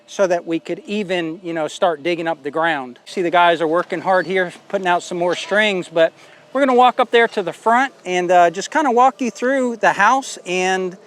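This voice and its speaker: A man's voice: sits high, normal speed, fairly bright tone. A man vlogging outdoors at a building site, talking in a folksy, rambling way with plenty of fillers. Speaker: homestead vlogger. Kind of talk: casual vlog walkthrough.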